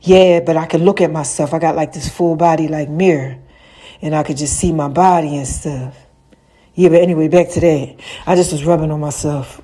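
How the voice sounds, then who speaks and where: Slangy, lively woman podcaster. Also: deep voice, moderate pace. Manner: chatty, slangy, swings between loud laughs and murmurs. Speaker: podcast host. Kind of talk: casual rambling monologue. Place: room with lights and a mirror.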